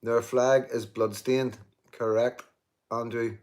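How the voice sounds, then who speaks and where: A man's voice: medium pitch, little pitch movement, takes it slowly, a little mellow. A man in his fifties hosting a casual live stream, reading viewer comments, talking emphatically with lots of repeats and restarts, swearing and joking with commenters. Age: 50s. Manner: emphatic, repeats himself, many restarts and "you know".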